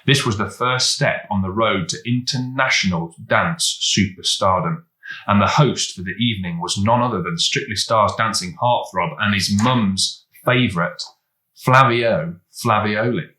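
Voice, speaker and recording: A man reading a children's storybook aloud, lively and expressive as he goes. His voice is low yet bright and forceful. The sound carries in a roomy, echoey space. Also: normal speed.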